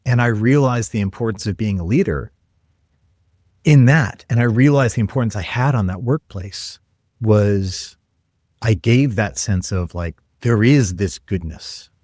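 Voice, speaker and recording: Earnest low-voiced man telling work stories. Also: unhurried, no echo, studio quality. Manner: energetic, earnest, acts out quoted lines. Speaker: guest, tech leader. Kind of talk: conversational podcast storytelling.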